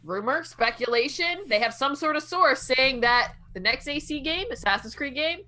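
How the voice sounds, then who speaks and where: A woman's voice: sits high, animated, normal speed, pushed and bright. A woman hosting a casual gaming podcast, chatty and upbeat as she leads the group through the segments over a video call. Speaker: podcast host.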